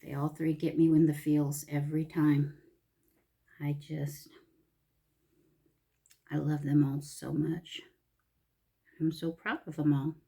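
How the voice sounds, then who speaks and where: A middle-aged woman, chatting reflectively in a vlog, soft-spoken and heartfelt, often sinking to a near whisper. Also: low voice, little pitch movement, takes it slowly, gravelly, long pauses. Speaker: vlogger. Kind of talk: casual reflective chat.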